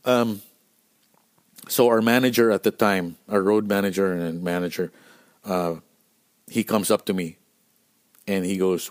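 A man's voice: low-pitched, a little slow, pauses often. Profane man telling road stories. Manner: animated, profane, acts out quotes. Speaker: podcast host and band musician. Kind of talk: casual storytelling monologue.

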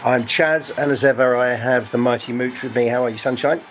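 Casual podcast host, halting. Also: male voice, medium pitch, steady tone, faint music behind. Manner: hesitant, full of fillers and restarts. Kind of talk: casual football chat. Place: on holiday, speaking remotely.

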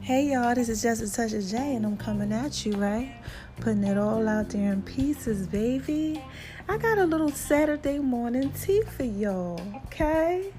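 A woman from New Jersey with an accent that blends Jersey and the American South, casually sharing faith testimony straight to her viewers in lively slang. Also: on the high side, moderate pace, music in the background. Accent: New Jersey mixed with Southern US. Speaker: vlogger.

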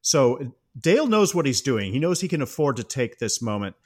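A man on a podcast casually walking through a movie's scenes. He tells it with animated energy and keeps slipping into laughter, in a voice of ordinary middle pitch. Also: moderate pace. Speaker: podcast co-host.

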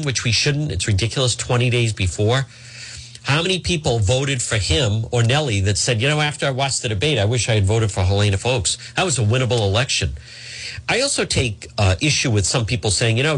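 A man's voice: medium pitch, a bit bright, breathy edge. A man hosting a political talk radio show, delivering combative, emphatic, sarcastic commentary.

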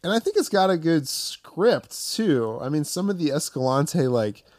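A man's voice: fairly high pitch, sing-song, moderate pace, darkish tone, dry recording, studio quality. A man co-hosting a podcast in casual film discussion, talking loosely with lots of fillers. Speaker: podcast co-host.

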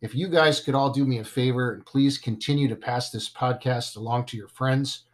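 A man's voice: medium pitch, moderate pace. A man hosting a casual podcast, joking and stumbling over his words now and then. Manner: playful, self-deprecating, stumbles over words. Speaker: podcast host.

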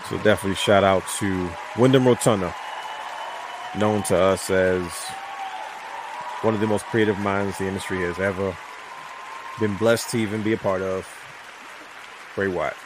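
A man hosting a casual podcast chat, heartfelt and unhurried, with many fillers and pauses. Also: low-pitched, steady tone, crowd noise, noisy background. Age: adult with a young son. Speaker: podcast host.

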